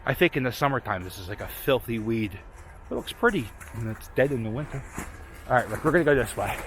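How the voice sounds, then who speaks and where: A man talking on a walk through an abandoned snowy waterfront, his pitch swinging up and down as he chatters. He keeps up a loose, wandering commentary and keeps turning to talk to his dog. Outdoor noise runs clearly under the handheld camera audio. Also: animated, fast, a bit bright. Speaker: vlogger exploring abandoned sites. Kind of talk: casual walking commentary.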